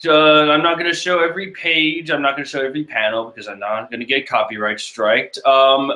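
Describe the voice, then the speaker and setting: A man's voice: on the high side, pushed and bright. A young man chatting casually as he reacts to a comic, rambling and full of fillers. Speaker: manga reaction host. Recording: echoey room.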